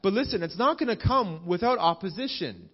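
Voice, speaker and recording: Male pastor, 30s, high-pitched, earnest sermon delivery with call-outs to the congregation. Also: expressive, brisk, breathy edge, highs cut off. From Canada. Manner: earnest, repeats phrases, asks the congregation "amen?". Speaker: preacher. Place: church service.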